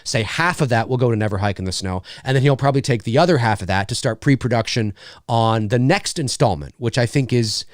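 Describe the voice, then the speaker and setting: Animated and fairly quick, this medium-pitched man chats casually on a livestream from his home studio, reading viewer comments into a studio mic with no room sound. He rambles and jokes, with lots of fillers.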